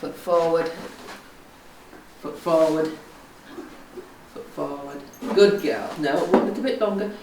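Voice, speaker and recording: A woman's voice: sits low, takes it slowly, pauses often, reverberant, far from the mic, background noise. A woman training her young horse, calling short praise and commands and explaining to the camera. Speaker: horse owner and vlogger. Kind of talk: casual training commentary. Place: stable yard with a horse.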